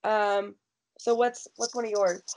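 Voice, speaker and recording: A woman hosting a casual TV recap chat, quick and emphatic as she gives her opinions. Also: medium pitch, steady tone, darkish tone, a little hiss or hum. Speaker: podcast host.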